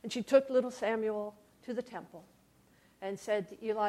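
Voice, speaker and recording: A woman storyteller telling a tale for all ages, expressive and shifting from loud to hushed with dramatic pauses. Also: fairly high pitch.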